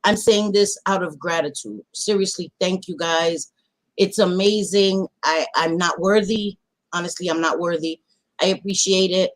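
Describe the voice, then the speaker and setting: A woman hosting a casual livestream, greeting viewers warmly by pet names and swearing freely in animated chat. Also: on the low side, moderate pace. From Latina. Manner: animated, swearing, affectionate nicknames. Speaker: livestream host.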